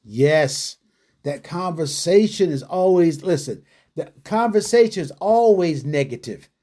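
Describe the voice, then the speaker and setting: Animated storytelling male radio host. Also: a little high, a little slow. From New York City. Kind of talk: casual radio talk.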